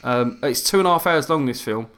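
A man talks films in a loose, easygoing podcast chat. His voice sits at an ordinary middle pitch, and he laughs readily and trips over repeated words as he goes. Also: animated, fairly quick, fairly bright tone. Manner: chatty, laughs easily, repeats words when starting. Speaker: podcast co-host reviewing films. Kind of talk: casual chat.

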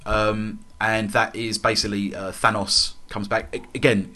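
Young guy, comic-book podcast chat; lowish voice, rambling and keen, lots of restarts. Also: flat delivery, normal speed, bright, forceful tone. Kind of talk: casual chat about comics.

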